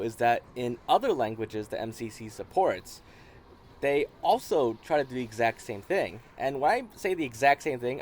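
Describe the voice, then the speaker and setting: A man hosting a gaming video, explaining in a relaxed, casual way, with frequent restarts. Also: mid-range voice, a little hiss or hum. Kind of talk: casual commentary.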